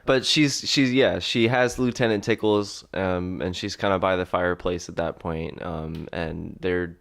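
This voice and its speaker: A man's voice: sits low, steady tone, a little slow, vocal fry, fairly bright tone. A young man co-hosting an improvised comedy podcast, narrating with frequent laughs and "and, uh" fillers. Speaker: podcast co-host.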